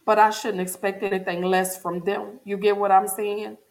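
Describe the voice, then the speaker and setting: A woman's voice: medium pitch, little pitch movement, normal speed. A grieving woman talks openly and earnestly to her viewers in an emotional personal check-in, repeating phrases for emphasis. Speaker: vlogger.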